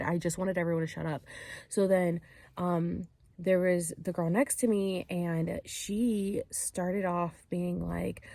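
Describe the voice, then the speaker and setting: A woman's voice: on the low side, gravelly, mellow, no room sound. A woman telling a personal story to her camera, chatty and loose, full of fillers, acting out what others said. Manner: chatty, full of "like" and "um", acts out quotes. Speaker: vlogger. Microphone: camera mic while filming herself.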